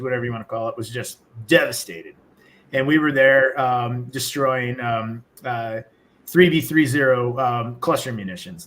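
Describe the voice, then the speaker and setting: A man's voice: medium pitch, sharp tone. A man, a military veteran guest, telling a war story in a loose, casual way, full of fillers and cuss words. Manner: loose, profane, rambling with fillers.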